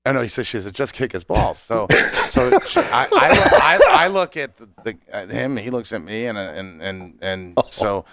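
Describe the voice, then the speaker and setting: A man's voice: on the low side, very animated, moderate pace, gravelly, hardly any pauses, noisy background. A man who runs a cigar company, a guest on a podcast, telling stories casually and laughing between lines. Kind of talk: casual storytelling chat.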